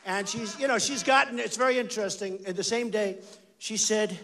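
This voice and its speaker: A man's voice: high voice, moderate pace, bright, forceful tone. A man in his sixties from the United States, giving a rambling, emphatic campaign rally speech on a stage mic. He repeats phrases and talks straight to the crowd. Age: 60s. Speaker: political candidate. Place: large rally venue.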